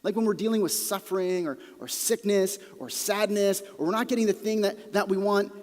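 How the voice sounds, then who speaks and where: A male pastor preaching a sermon with earnest emphasis, sometimes dropping to a quiet, intense delivery. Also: high-pitched, brisk. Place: church auditorium. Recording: long reverb of a large hall.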